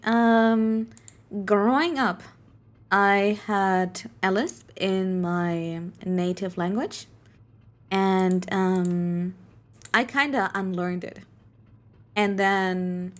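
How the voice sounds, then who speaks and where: A woman streamer, not a native English speaker, chatting casually over gameplay in a rambling way with lots of fillers. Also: mid-range voice.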